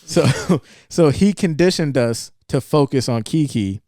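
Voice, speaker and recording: A young podcast co-host with a fairly high voice speaks slowly, recorded dry at studio quality. In a casual chat he rambles through a film scene, animatedly retelling it and acting out the characters' lines.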